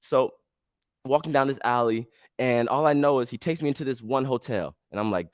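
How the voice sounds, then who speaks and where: Male podcast host, animated storyteller, mid-pitched voice, dry close sound. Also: fast talker, dry recording. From United States. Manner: animated, casual slang, acts out dialogue.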